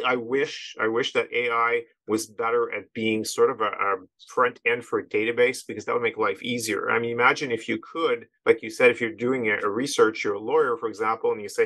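A man's voice: mid-range voice, bright, forceful tone, dry recording, low-quality recording. A middle-aged man from Canada, a podcast guest talking casually in a rambling way with many asides.

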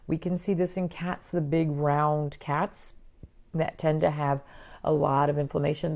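A middle-aged woman veterinarian giving a chatty, animated talk about pets, full of quick asides. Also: sits low. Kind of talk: casual educational talk.

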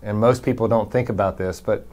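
A man's voice: lowish voice, fairly even intonation, a little fast, a little mellow. A man, a pastor, giving a brief conversational devotion and reading Scripture aloud with emphasis. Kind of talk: short recorded devotion.

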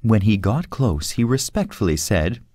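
A man narrating an audiobook for English learners in a lively, expressive storytelling manner. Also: lowish voice, moderate pace, no room sound, studio quality.

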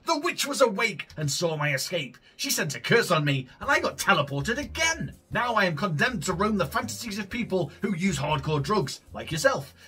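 Desperate stranded astronaut from a video game, voiced by a man, nervous, lively rambling. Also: sits high, breathy edge, heavily acted.

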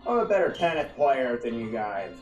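A woman's voice: very deep voice, very animated, normal speed, darkish tone, highs cut off. A woman gaming with a friend, playful and giggly as they bicker. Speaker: gamer. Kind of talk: casual banter while playing a video game. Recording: echoey room from far off with faint music.

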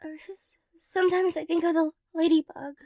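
A woman in a whispered role-play as a tearful ex-girlfriend, talking softly and rambling, flustered and emotional. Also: extremely high pitch, fairly even intonation, moderate pace, no echo, clean studio sound. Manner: soft, rambling, self-conscious and emotional. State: teary after crying. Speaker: ASMR role-play performer.

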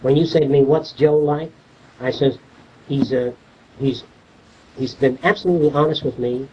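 A man's voice: mid-range voice, moderate pace, slight background noise. An older man giving an informal lecture, blunt and salty, acting out little dialogues as he tells stories. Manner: blunt, salty, animated storytelling. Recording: distant, muffled 1970s archive tape.

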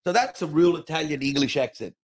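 An Australian man in his forties, a comedian chatting as a podcast guest and telling stories in an animated way, often restarting with "you know". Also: on the high side, quick pace, no echo, studio quality. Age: 40s. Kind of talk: casual podcast chat.

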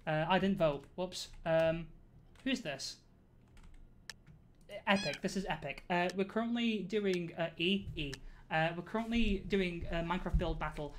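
A woman's voice: fairly low pitch, moderate pace, a little hiss or hum. A young woman streaming a game live, rambling and giggling through her commentary with lots of fillers. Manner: rambling, giggly, self-mocking, many fillers. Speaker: Twitch streamer.

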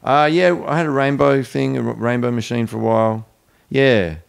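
A man's voice: mid-range voice, steady tone, normal speed, vocal fry, clean tone. A laid-back man, a band guest, chatting casually and offhandedly in an interview. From Australia.

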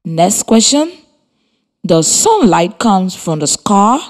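A woman with a Liberian English accent, teaching a scripted radio lesson for children and spelling words out slowly letter by letter. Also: mid-range voice, big pitch swings.

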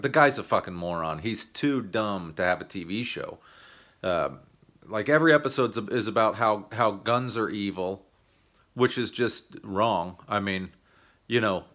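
A man's voice: on the low side, fairly bright tone. An American man ranting profanely into the camera for his comedy channel, combative and sarcastic. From United States. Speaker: YouTube comedian. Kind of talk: ranting video monologue.

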